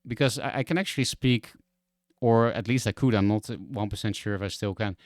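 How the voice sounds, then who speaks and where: A man's voice: fairly low pitch, brisk, darkish tone, no room sound. Young dutch guy ranting on stream, dutch accent, swears a lot, dry close sound. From Netherlands. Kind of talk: casual stream commentary.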